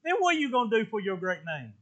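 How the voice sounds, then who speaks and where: Joshua as a distraught man pleading with God and blaming him, voiced by a preacher, high-pitched and bright. The complaint comes out in fretful, rising questions. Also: sing-song, fast.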